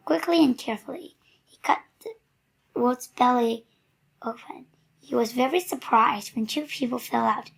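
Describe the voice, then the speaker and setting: A woman reading a children's story aloud, softly and often near a whisper. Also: a little high, measured pace, gravelly, breathy edge.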